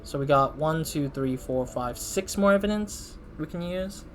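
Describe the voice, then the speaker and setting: A man's voice: on the high side, unhurried, a little hiss or hum. Chatty man narrating his gameplay. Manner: chatty, laughs at himself, thinks aloud. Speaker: gaming channel host. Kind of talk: casual let's-play commentary.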